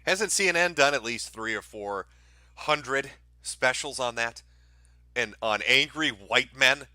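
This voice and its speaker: A man's voice: medium pitch, measured pace, pushed and bright, dry recording. A man hosting a commentary show, mocking the video clips he plays with profane, sarcastic remarks. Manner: mocking, profane, mimics people in sneering voices.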